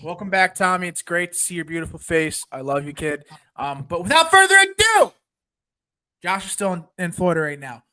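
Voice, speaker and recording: A man's voice: on the high side, brisk, bright, forceful tone. A man running the trivia segment of a casual sports podcast, loose and joking. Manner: loose, joking, rambling with fillers.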